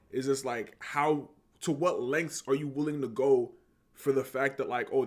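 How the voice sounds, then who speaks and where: A man co-hosting a podcast, talking about a film in a laid-back, rambling way full of fillers. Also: mid-range voice. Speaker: podcast co-host. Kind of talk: casual chat.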